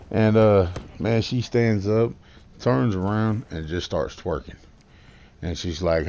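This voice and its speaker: A man's voice: low voice, expressive, unhurried, gravelly, a little mellow, muffled recording. A man telling a comedic, trash-talking story as a guest youtuber, brash and crude.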